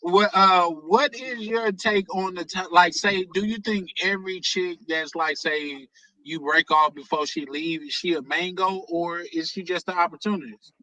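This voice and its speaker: A man chatting on a livestream, asking questions in slangy, animated banter. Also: high voice, normal speed, rough recording. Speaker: co-host on a livestream. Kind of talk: casual livestream chat.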